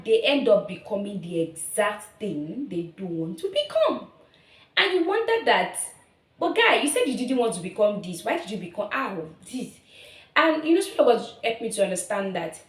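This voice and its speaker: A young woman in her twenties with a Nigerian accent, sharing a personal testimony on her vlog in an earnest, emotional way, often repeating herself. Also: medium pitch. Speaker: vlogger. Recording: roomy echo.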